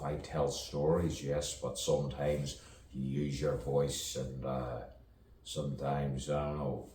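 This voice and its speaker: A man's voice: rumbling low, darkish tone, roomy sound, distant mic, slight background noise. A man rambling through a spoken stream-of-consciousness poem, shifting between voices and dropping into whispers.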